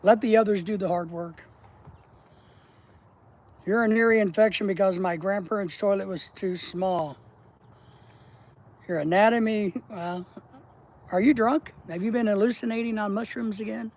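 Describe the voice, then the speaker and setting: A man with a fairly high, gravelly voice chats on a casual outdoor live stream at night. He reads viewer comments aloud and answers them with blunt, profane teasing. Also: normal speed, pauses often, darkish tone, poor audio.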